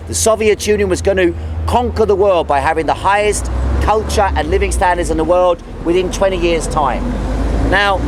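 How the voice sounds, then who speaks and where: A man's voice: sits high, slight background noise. A man guiding a tour outdoors, giving an anecdotal history lecture sprinkled with jokes. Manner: lively, anecdotal, jokey.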